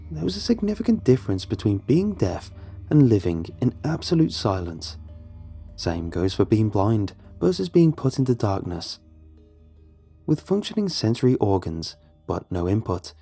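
A man's voice: on the low side, creaky, dark tone, breathy edge. A young man telling a first-person horror story in a tense, brooding narration. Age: young adult.

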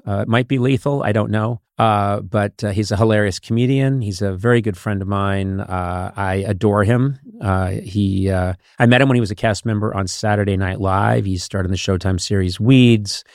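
A man in his sixties hosting a podcast in casual chat, talking haltingly with many fillers and restarts. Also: fairly low pitch, a little mellow, dry recording, studio quality. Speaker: podcast host.

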